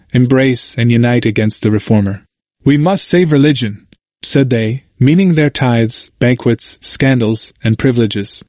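A man reading a church history aloud in a measured audiobook narration, lifting his voice for quoted shouts. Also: no echo. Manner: measured, raising pitch for quoted cries.

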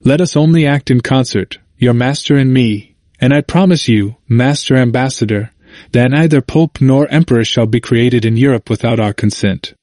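A man's voice: medium pitch, normal speed, a little mellow, no room sound, studio quality, close to an everyday voice. A man voicing an ambitious, effusive French king, declaiming his lines with emphasis. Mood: fervent.

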